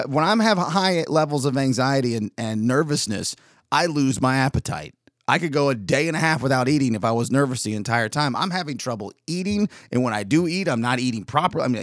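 Solo podcast host, man, mid-pitched, voice a bit worn, rambling and candid, dry close sound. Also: lively intonation, moderate pace, dry recording. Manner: rambling and candid, with frequent restarts. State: voice slightly worn from weeks of yelling. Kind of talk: solo casual podcast monologue.

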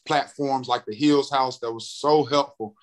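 Animated storytelling man from North Carolina. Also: mid-range voice, unhurried. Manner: animated, acts out quoted voices, repeats words. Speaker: guest, radio and TV personality. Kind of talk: excited storytelling in a podcast chat.

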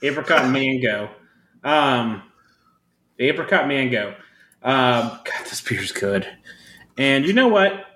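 Male co-host, animated and self-mocking, bright tone, echoey room. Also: medium pitch, slow pace, long pauses. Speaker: podcast co-host. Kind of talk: casual chat. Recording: echoey room, faint background noise.

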